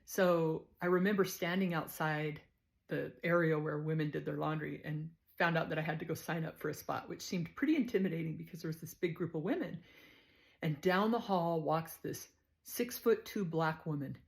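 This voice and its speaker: A woman's voice: deep voice, normal speed, creaky. A woman telling a personal story in a casual, chatty way, laughing easily.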